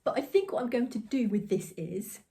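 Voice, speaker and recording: A woman's voice: fairly high pitch, sing-song, fairly quick, creaky, warm tone. A woman hosting a crafting podcast, chatting in a rambling, giggly way from her home. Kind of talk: casual chat.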